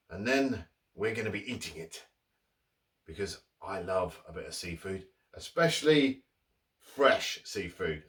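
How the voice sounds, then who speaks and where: A man's voice: medium pitch, distant mic. A man hosting his own cooking channel, talking to camera in a chatty, rambling way with jokey asides. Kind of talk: casual cooking vlog.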